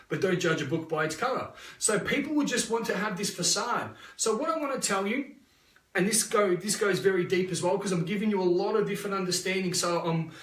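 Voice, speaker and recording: A man's voice: high-pitched, fairly bright tone, echoey room, far from the mic. An Australian man giving a live motivational talk, blunt and full of swearing as he tells stories. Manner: blunt, swears freely, restless storytelling. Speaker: motivational speaker.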